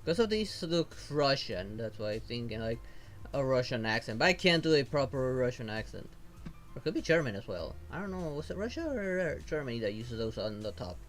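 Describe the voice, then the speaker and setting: A man's voice: medium pitch, big pitch swings, a little fast, faint music behind. A man streaming as a VTuber, casually thinking aloud while he pulls and sorts game rewards. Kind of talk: casual gameplay commentary.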